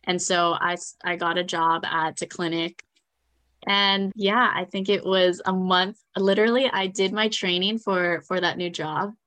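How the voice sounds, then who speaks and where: A woman's voice: on the low side, a little slow. Chatty young woman telling her story. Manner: chatty, animated, acts out quoted voices, laughs often. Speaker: guest. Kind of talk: casual interview storytelling.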